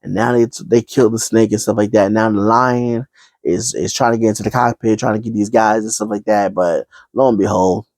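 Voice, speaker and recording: A man with a lowish voice retells a movie plot in a loose, rambling way. He fills the gaps with ums and starts his sentences over. The sound is close and dry. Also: fairly even intonation, a little fast, a little mellow, no room sound. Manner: rambling, many fillers. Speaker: vlogger. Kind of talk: casual movie recap.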